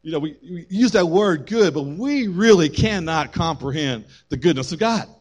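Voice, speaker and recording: A man preaching to a congregation in a somewhat high voice. He preaches with animation, swelling loud for emphasis and then sinking low. He breaks off for quick jokes and asides to the room. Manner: animated preaching, rising and dropping in loudness, quips to the congregation. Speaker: pastor. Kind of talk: sermon.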